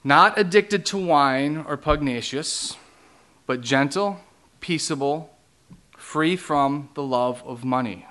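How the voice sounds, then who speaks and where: A man's voice: on the high side, slow pace, pushed and bright. Plainspoken man teaching a Bible study. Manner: plainspoken, conversational, explains terms one by one. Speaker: pastor.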